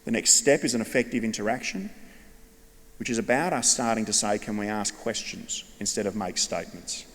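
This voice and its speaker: A man's voice: on the low side, brisk. Australian man speaking in an echoing hall. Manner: animated storyteller addressing a large audience. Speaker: education speaker. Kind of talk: conference keynote talk. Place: large hall with long reverb. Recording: long echo of a big hall.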